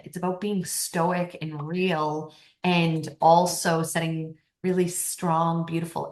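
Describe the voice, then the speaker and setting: Lowish woman on a podcast, laughs a lot, punchy advice, roomy echo. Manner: animated and emphatic, laughs often, acts out quoted voices. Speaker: podcast guest. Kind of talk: casual interview talk, coaching advice.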